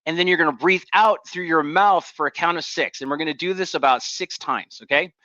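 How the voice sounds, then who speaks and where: A man giving an energetic motivational talk to leaders, coaching the audience through exercises. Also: a little high, fairly quick, no echo, dull audio. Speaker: leadership speaker.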